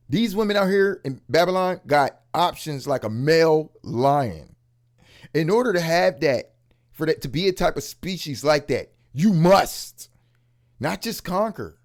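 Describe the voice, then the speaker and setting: A man hosting a reaction commentary, talking in casual slang with profanity and swinging into loud emphatic outbursts. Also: a little high. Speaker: commentary host.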